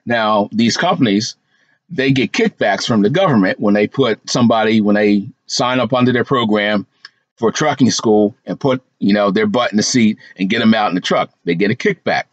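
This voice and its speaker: A man's voice: fairly low pitch, moderate pace, no echo, muffled recording. A man hosting a trucking channel, talking casually through a list from his notes with asides and fillers. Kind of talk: casual commentary vlog.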